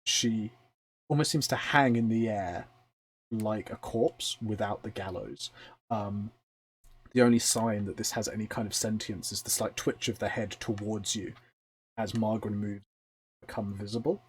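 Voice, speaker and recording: A man runs a tabletop game as its game master. He narrates scenes in an unhurried, descriptive way, full of small fillers. His voice sits low and has a husky edge. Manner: descriptive, relaxed storytelling with fillers.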